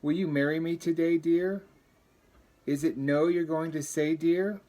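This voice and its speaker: A man's voice: on the high side, steady tone, measured pace, mellow, voice pushed up, natural voice. A man voicing a lovesick male turtle who pleads and croons his endearments. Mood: pleading.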